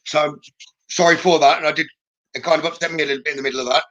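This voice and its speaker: Bright-voiced male psychic, reassuring. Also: on the high side, fairly even intonation, lo-fi sound. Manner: gentle, reassuring, frequent "okay?" checks; hesitant, with many "um" pauses. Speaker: psychic medium. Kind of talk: live-stream psychic reading.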